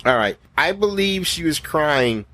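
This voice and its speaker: A man's voice: on the high side, expressive, measured pace, fairly bright tone. A man in casual conversation about a film, talking with energy and plenty of swearing. He often slips into quoted lines from movies before coming back to his own voice. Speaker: podcast co-host. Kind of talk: casual movie review chat.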